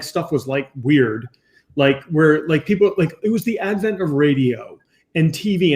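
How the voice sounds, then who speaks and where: A man hosting a casual live-stream chat, rambling and animated with frequent restarts. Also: a little high. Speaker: host.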